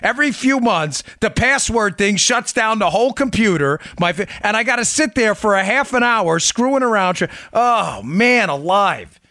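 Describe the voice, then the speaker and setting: High, bright-voiced ranting talk host. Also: male voice, normal speed, dry recording, studio quality. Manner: animated, exasperated ranting. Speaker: radio show host. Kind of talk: political talk show.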